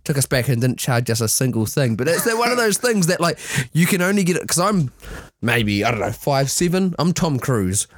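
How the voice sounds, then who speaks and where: A man with a New Zealand accent co-hosting a podcast, telling lively stories in casual chat and swearing freely. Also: medium pitch, brisk, dry recording. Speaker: podcast co-host. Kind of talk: casual chat over beers.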